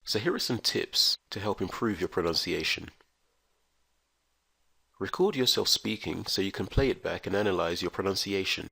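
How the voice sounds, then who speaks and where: A man teaching English pronunciation in a careful, scripted lesson, spelling out letters and sounds with slow, deliberate enunciation. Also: deep voice, animated, vocal fry, pushed and bright, husky, no room sound.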